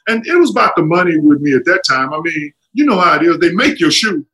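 High, bright-voiced man telling stories. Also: fast, low-quality recording. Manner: animated, acts out quotes with jumps in pitch. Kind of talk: casual storytelling.

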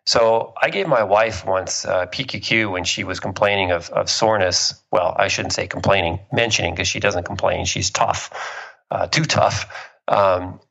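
A lower-voiced man with a gravelly, bright edge explains things enthusiastically, leaning on analogies and anecdotes. The recording sounds a touch dull and lo-fi. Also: normal speed. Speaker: guest, author on genes and health. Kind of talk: conversational explaining.

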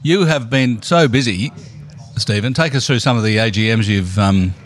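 A man co-hosting a casual finance chat, relaxed, prompting his partner with questions. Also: lowish voice, moderate pace. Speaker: podcast co-host.

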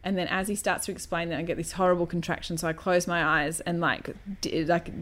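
A woman's voice: lowish voice, a little fast. A woman telling a birth story in casual chat, swearing freely and acting out what other people said. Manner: swearing, animated, acts out other people's lines.

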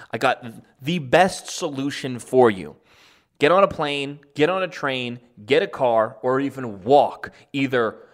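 Sarcastic, rambling male commentator. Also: mid-range voice. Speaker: political commentator. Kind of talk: opinion commentary.

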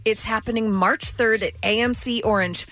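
A woman's voice: a little high, fairly even intonation, moderate pace, fairly bright tone. A woman co-hosting a radio morning show, trading playful, teasing quips in casual studio banter and reading giveaway promos.

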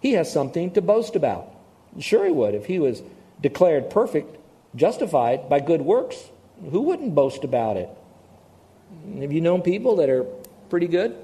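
A man's voice: a little high, normal speed. Older man preaching a story-filled sermon. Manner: storytelling, animated with acted-out quotes. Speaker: pastor.

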